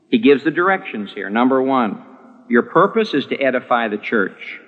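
A male pastor delivering a sermon in a church, his voice climbing for emphasis and sinking low again. It sits at a middling pitch and rings with long hall reverb. The recording sounds dull and lo-fi. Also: very animated, normal speed. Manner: emphatic, rising to stress points then dropping low.

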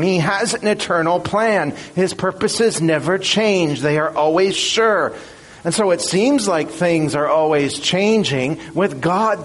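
A man preaching a sermon in an earnest, measured and emphatic way. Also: high-pitched.

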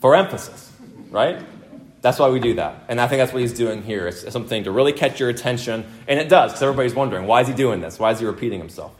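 Talking fast in an animated, mid-range voice, a pastor delivers an expository sermon. He drives home his points by repeating them emphatically and asks the room questions.

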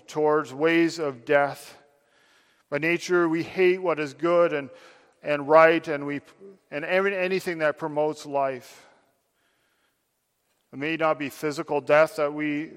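A man's voice: a little high, long reverb tail. A man preaching a sermon, addressing his listeners directly with earnest, building emphasis.

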